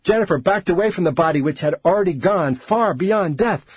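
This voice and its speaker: A man reads an audiobook with expressive, dramatic delivery. His voice is husky and breathy, with a lively, wide-ranging pitch. The recording is dry and close. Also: brisk, no echo. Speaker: narrator. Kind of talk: audiobook narration.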